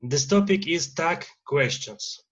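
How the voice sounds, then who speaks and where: A man with a Russian accent teaching an English grammar lesson, pausing often with "uh" fillers. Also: a little high, expressive, fairly bright tone, lo-fi sound. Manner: lecturing with many uh fillers and pauses.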